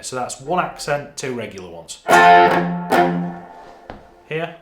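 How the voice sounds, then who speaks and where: Northern English guitar teacher, roomy sound. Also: male voice, medium pitch, very animated, takes it slowly, pauses often. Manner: talks through parts while playing, counting beats aloud. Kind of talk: guitar lesson.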